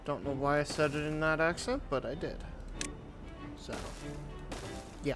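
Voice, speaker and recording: A man giving casual commentary on his own gameplay, thinking aloud as he builds in a relaxed way. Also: on the high side, unhurried, long pauses, music in the background. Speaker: gaming YouTuber. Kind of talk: casual let's-play commentary.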